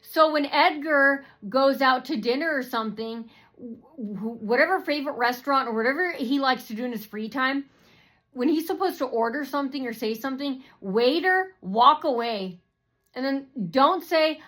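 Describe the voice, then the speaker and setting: A woman's voice: high-pitched, lively intonation, normal speed, fairly bright tone. A woman vlogger ranting to her viewers in a rambling, repetitive way, full of fillers and swearing. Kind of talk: rambling personal rant to camera.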